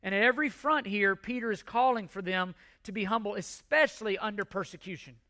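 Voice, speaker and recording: Male pastor, bright high voice, emphatic repetitive sermon delivery. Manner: emphatic, repetitive preaching with measured pauses.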